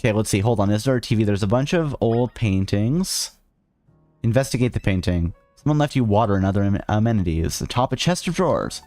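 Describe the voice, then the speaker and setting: A man's voice: on the low side, expressive, fairly quick, darkish tone, no echo, soft background music. A man streaming a video game, joking and ranting sarcastically while reading the on-screen text aloud. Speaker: VTuber streamer. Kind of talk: casual let's-play commentary.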